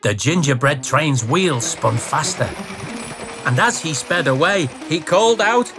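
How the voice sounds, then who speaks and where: Expressive storyteller over children's music. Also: mid-range voice, a little slow. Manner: expressive, playful sound words. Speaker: narrator. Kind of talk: storybook read-aloud for children.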